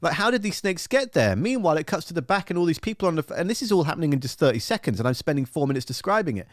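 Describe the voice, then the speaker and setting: A man's voice: a little high, expressive, rapid-fire, no echo, studio quality. A man hosting a live radio stream, chatting casually and telling a rambling, profane, jokey story full of silly acted-out voices.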